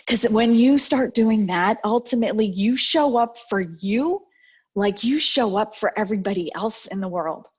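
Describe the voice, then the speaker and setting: A husky, breathy woman speaking over a dull, lo-fi video call. She is middle-aged and gives an upbeat motivational talk, slipping into lively personal stories. Her pitch sits in the middle for a woman. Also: moderate pace. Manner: lively storyteller, acts out quoted exchanges. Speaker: guest speaker.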